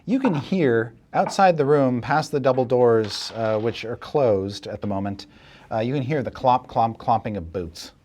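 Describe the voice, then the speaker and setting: A man serving as dungeon master, narrating a tabletop game in a relaxed, chuckling way with many fillers. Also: medium pitch, normal speed, slight background noise.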